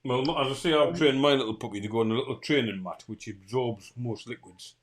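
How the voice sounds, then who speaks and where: A man's voice: medium pitch, brisk. A middle-aged man with a Geordie accent hosting a casual livestream chat, telling stories bluntly. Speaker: show host.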